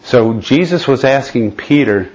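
A man's voice: mid-range voice, lively intonation, unhurried, darkish tone. A man leading a conversational Bible study lesson, explaining step by step and often checking in with his listeners. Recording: dull lo-fi recording.

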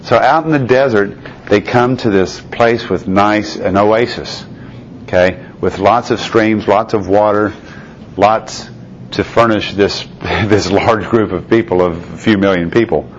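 Deep-voiced man teaching a Bible study. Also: unhurried. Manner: reads scripture aloud, then explains it in a conversational tone. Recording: dull lo-fi recording with faint noise.

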